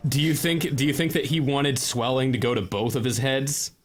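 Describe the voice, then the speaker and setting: A young man co-hosting a gaming stream chats casually while playing, trading sarcastic, profane banter and slipping into mocking voices. His voice is mid-range and his pace moderate.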